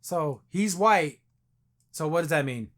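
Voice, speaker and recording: A man hosting a podcast, chatting casually as he reviews a show and retells scenes in quick put-on voices. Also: a little high, lively intonation. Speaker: podcast host.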